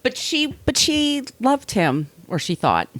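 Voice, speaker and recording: A woman podcast host telling a true-crime story in casual chat, sardonic and quick to laugh. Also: high voice, very animated, a bit bright, dry recording. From Long Island, New York. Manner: chatty, sardonic, laughs often, slips into put-on voices.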